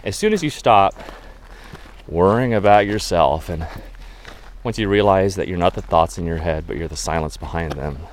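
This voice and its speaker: A man's voice: sits low, normal speed. A man, a photographer who leads photo walks, telling chatty, rambling anecdotes with many fillers in a casual interview.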